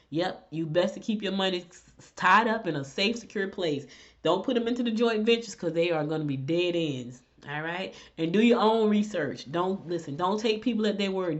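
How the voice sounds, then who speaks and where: A middle-aged woman with a blend of Southern and Northern US accent, hosting and telling stories in casual chat, animated and direct. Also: fairly low pitch. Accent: mix of Southern US and Northern US. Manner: animated storyteller, chatty and direct. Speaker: host. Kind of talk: casual chat and horoscope reading. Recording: dull lo-fi recording.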